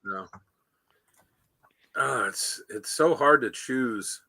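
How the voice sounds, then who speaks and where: A man's voice: mid-range voice, extremely slow, sharp tone, no echo. A man co-hosting a casual talk show, rambling through stories and acting out quotes. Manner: rambling, storytelling, acts out quotes. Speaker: podcast co-host. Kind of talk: casual chat.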